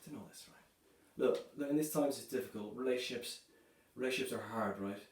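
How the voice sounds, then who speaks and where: A man performing a stand-up comedy set, delivering dark jokes in a loose, chatty way, filling his lines with "you know" and "right". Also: mid-range voice, fairly quick. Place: comedy club stage. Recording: echoey room, voice from a distance.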